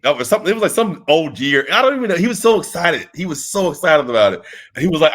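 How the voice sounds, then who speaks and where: A man's voice: medium pitch, fast. A man being interviewed in casual chat, telling rambling stories full of restarts and acted-out quotes. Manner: animated storyteller, rambling with restarts, acts out quotes. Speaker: interview guest, wrestling trainer.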